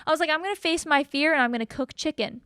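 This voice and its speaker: A woman in her twenties, a podcast co-host telling a story in casual chat and acting out the quotes with lively jumps. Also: quick pace, no room sound, studio quality. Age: 20s. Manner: animated, acts out quotes with big pitch jumps.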